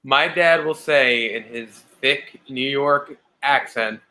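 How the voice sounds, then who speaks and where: A man's voice: mid-range voice, slow pace, bright, forceful tone, low-quality recording. A man co-hosting a casual chat, a jokey storyteller. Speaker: co-host.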